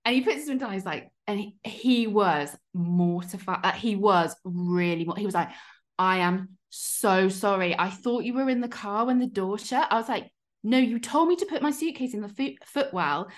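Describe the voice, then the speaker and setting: Animated woman telling a story. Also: medium pitch. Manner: animated storyteller acting out quoted lines. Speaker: podcast co-host. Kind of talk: casual storytelling chat.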